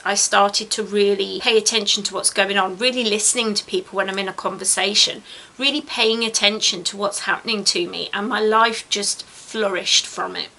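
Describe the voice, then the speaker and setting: A tired, yawning woman vlogger speaks to camera, offering earnest, encouraging self-help advice and repeating words for emphasis. Her voice is medium-pitched with a sharp tone.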